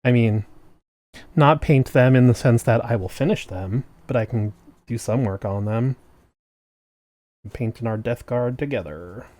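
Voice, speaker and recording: Male streamer, casual and joking, mid-pitched, close dry desk mic. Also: measured pace, long pauses, warm tone, no room sound. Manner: chatty and jokey, trails off and restarts. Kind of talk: casual chat with stream viewers. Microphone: desk microphone.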